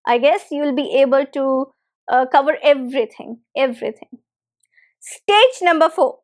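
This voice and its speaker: High-voiced woman teaching English step by step. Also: moderate pace. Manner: patient, repeats key points, direct instructions. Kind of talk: step-by-step spoken lesson.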